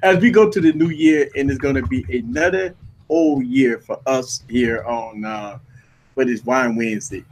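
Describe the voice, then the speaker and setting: A man, hosting a relaxed livestream chat and joking with his co-hosts, often repeating himself. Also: mid-range voice. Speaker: host.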